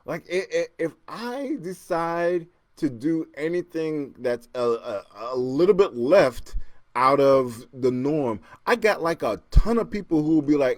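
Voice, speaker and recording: Guy running his own podcast, joking and laughing a lot, goes loud then mutters, dry close sound. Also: slow, no room sound. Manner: animated, joking, laughs often, repeats himself; swings between loud excited bursts and low muttering. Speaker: podcast host. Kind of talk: casual solo podcast chat reading comments.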